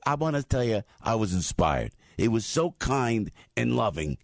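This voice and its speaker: A man in his sixties with a New Jersey accent, telling stories in an animated monologue as a talk show host. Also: medium pitch, normal speed, vocal fry, hardly any pauses, no echo, studio quality. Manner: animated, acts out voices. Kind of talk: storytelling monologue.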